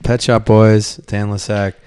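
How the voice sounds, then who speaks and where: A man's voice: fairly low pitch, level tone, a little slow, warm tone, slight background noise. A man co-hosting a podcast in casual chat, easygoing and self-mocking as he banters. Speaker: podcast co-host.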